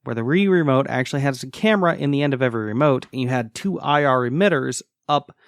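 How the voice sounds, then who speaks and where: A man's voice: mid-range voice, fast talker, no room sound, clean studio sound. A man presenting a podcast segment, casually explaining how tech systems work. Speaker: segment contributor.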